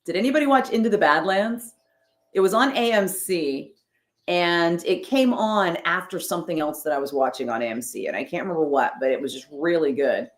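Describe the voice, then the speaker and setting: A woman's voice: fairly low pitch, expressive, a little fast. A woman streamer chatting casually as she reads out and answers her viewers' messages, with wry, sarcastic asides. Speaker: streamer reading chat. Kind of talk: casual chat. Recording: roomy echo.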